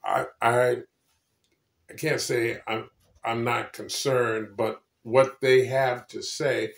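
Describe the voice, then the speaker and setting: A man's voice: medium pitch, little pitch movement, takes it slowly, creaky. A man hosting a casual political chat, blunt and prodding, repeating his points. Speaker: podcast host. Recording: echoey room.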